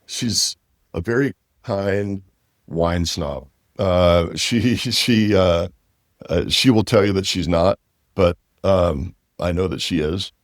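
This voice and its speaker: A man's voice: low voice, slow pace, dry recording, studio quality. A man from Washington, in his fifties, talking casually as an interview guest, rambling with many fillers and restarts. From Walla Walla Valley, Washington. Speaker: winery owner and interview guest.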